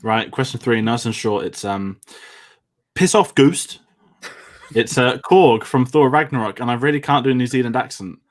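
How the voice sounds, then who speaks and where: Man, quiz co-host, casual and self-deprecating, mid pitch. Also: fairly quick, few pauses. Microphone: headphones on.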